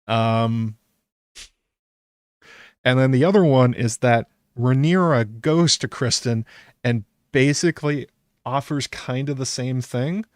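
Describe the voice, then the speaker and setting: A man's voice: mid-range voice, takes it slowly, long pauses, dry recording, studio quality. Chatty incredulous man reacting to a show. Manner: chatty and incredulous, laughs often, many ums. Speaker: YouTube aftershow host. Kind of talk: casual solo reaction commentary.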